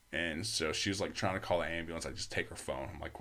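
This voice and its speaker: Deep-voiced young man, casual and profane. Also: fast talker, few pauses, sharp tone. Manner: profane, rambling, many fillers. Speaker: podcast guest. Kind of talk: casual storytelling.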